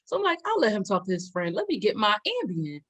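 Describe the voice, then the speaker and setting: Animated woman telling a story. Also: medium pitch, fast, low-quality recording. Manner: animated storyteller, acts out quotes with loud laughs. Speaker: podcast co-host. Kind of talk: casual storytelling chat.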